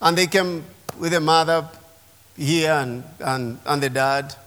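High-voiced pastor preaching in a reverberant hall. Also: male voice, a little slow, fairly bright tone, slight background noise. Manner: emphatic preaching with call-and-response. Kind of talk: sermon. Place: church sanctuary. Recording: long reverb of a large hall.

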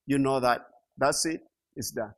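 A middle-aged man preaching a sermon, slow and emphatic, repeating key phrases and rising to loud peaks. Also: mid-range voice. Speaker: pastor.

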